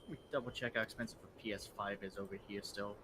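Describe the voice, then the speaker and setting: A man's voice: on the low side, fairly even intonation, fast talker, noisy background. A man from Australia chatting casually with some swearing during a game stream. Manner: laid-back, sweary. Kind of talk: casual chat over gameplay.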